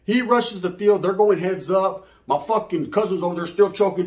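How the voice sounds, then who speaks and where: High-pitched and fast with few pauses, a middle-aged channel host narrates a profane street story to camera as a casual monologue. He leans on Spanish slang and often asks "right?" or "you know what I mean?"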